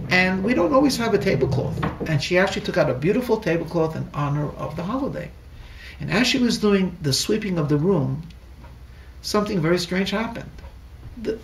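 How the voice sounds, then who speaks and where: A man, a rabbi, telling a story in a sermon, halting and repeating words, heard in an echoey room from a distant mic. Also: sits high, vocal fry, a little hiss or hum. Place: lecture room in a Torah center.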